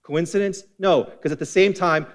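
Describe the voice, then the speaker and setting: A fairly high-voiced man delivering a sermon as a pastor. He preaches with passion, driving hard on some lines and dropping to a hushed intensity on others. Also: moderate pace. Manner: impassioned, swings between forceful emphasis and hushed intensity.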